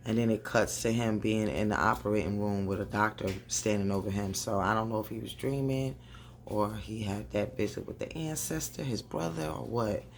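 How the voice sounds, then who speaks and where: A woman doing a casual, animated recap of a TV episode, talking straight to her viewers and laughing often. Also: extremely low pitch, moderate pace, vocal fry, a little hiss or hum. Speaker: TV recap vlogger. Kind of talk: casual chatty show recap.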